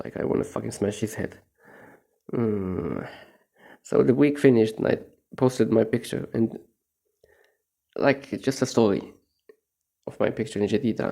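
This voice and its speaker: Frequent laughs punctuate this mellow, unhurried monologue from a young vlogger who is high. He talks in a low, gravelly voice, wandering from topic to topic and swearing casually.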